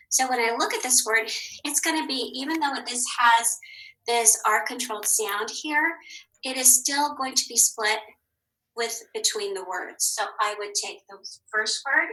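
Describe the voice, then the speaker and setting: A woman teaching a children's phonics lesson, patient and clear, saying each word twice with the second higher. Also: bright, forceful tone, rough recording. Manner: clear, patient, sing-song.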